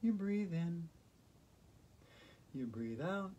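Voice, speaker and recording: A man leading a yoga routine in a gentle, playful, chatty way. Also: on the high side, animated, extremely slow, dull audio, a little hiss or hum. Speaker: yoga instructor. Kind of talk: guided yoga instruction.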